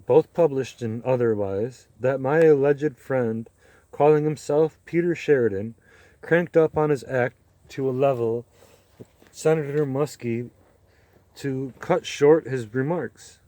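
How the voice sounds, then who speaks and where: Man reading an audiobook, even and measured, dry sound, mid pitch. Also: no room sound. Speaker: audiobook reader. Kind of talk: audiobook narration.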